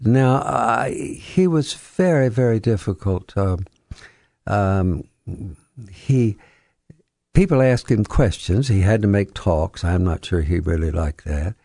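Gravelly older man telling stories. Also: lowish voice, dark tone, no echo, clean studio sound. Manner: anecdotal, halting with many fillers. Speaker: guest, retired history professor. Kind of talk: radio interview storytelling. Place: radio studio.

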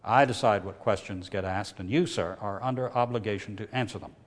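A man's voice: lowish voice, fairly quick, long reverb tail, lightly acted. A man voicing a harsh, nasal, impatient lawyer chairing a hearing, with a New England accent.

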